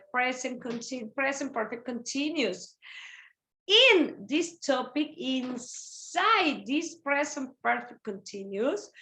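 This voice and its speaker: High-voiced bright woman teaching grammar. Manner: repetitive, explanatory, slips between English and Spanish. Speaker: English teacher. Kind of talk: online grammar lesson. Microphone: video call.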